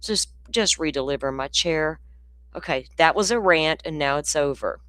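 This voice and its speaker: A woman's voice: low-pitched, normal speed, a bit bright, no echo. A woman hosting a livestream, talking casually and with exasperation, ranting and laughing often. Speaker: livestream host commenting on a trial.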